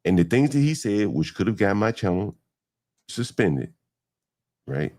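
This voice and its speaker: Deep voiced guy on a stream panel, swoopy intonation, keeps asking leading questions. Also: sing-song, unhurried, a little mellow, no room sound, studio quality. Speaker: guest streamer. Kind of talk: heated live-stream debate.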